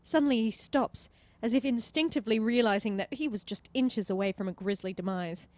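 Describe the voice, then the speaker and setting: A woman's voice: fairly high pitch, fairly quick, a little mellow, dry recording. Woman narrating a game aloud. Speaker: player reading the game aloud. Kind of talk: narrating a visual novel playthrough.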